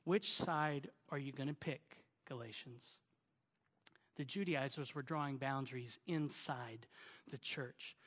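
A man's voice: mid-range voice, slow, a bit bright, long reverb tail. A pastor from Oklahoma with a Southern accent, preaching a folksy, emphatic sermon with jokes to his church.

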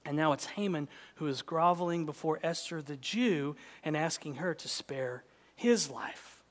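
A man preaching a sermon, telling a story with dramatic pauses and rising to emphatic peaks. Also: a little high, big-room sound.

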